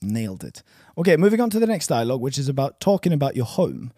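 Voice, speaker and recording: A man's voice: mid-range voice, sing-song, fast, warm tone, no echo, clean studio sound. A man learning a language who practises a dialogue with a friend and jokes about his own lines. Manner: joking, self-mocking.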